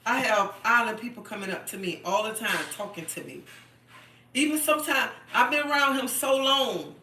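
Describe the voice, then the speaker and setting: A woman's voice: a little high, animated, moderate pace, pushed and bright, reverberant, far from the mic. A middle-aged woman chatting on her live stream, emphatic and repetitive, often checking in with "okay?". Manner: chatty and emphatic, repeats herself, keeps asking "okay?". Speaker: livestream host. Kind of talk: casual live-stream chat.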